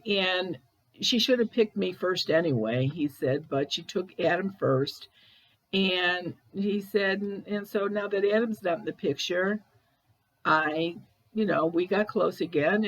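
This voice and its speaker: A woman from spins a story at a slow, easy pace. Her voice sits at a middling pitch for a woman. She keeps recounting each exchange word by word, peppering it with "I said" and "I says.". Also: rough recording. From Ohio, USA. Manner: retells conversations, repeating "I said" and "I says". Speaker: spirit medium recounting a case. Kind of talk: casual storytelling.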